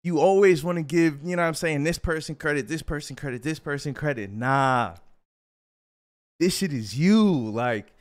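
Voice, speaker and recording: Young guy streamer telling a story, high voice, slangy and hyped. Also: normal speed. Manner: animated, slangy, repeats phrases. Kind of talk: casual storytime.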